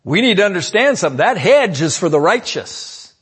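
A man preaching a sermon, calling out "amen?" to the congregation and swinging between loud emphatic lines and low asides. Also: big pitch swings, fairly quick, breathy edge. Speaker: pastor.

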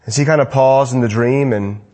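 At a brisk clip, a man delivers an evening sermon, lifting into emphatic lines, then settling into hushed, low endings while repeating phrases for emphasis.

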